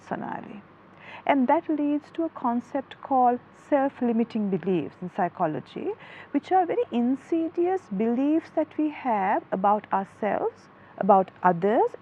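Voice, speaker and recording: A woman's voice: on the high side, phone-quality sound, a little hiss or hum. A woman, a psychology guest on a talk show, explaining earnestly through a story. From Sri Lanka. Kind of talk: studio talk show interview.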